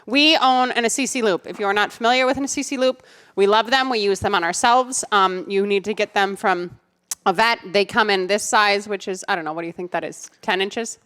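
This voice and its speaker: A woman's voice: medium pitch, brisk, fairly bright tone, clear, resonant tone. A woman co-hosting a casual podcast, bubbly and chatty. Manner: bubbly, chatty, laughs often. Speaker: podcast co-host. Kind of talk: casual chat.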